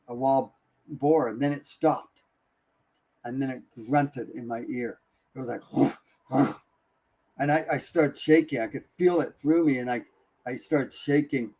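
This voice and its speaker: A man in the middle of his own range, telling a story casually on a live talk stream. He keeps restarting his sentences and drops to a hush at the tense parts. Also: medium pitch. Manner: animated, breathless retelling with many restarts. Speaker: guest.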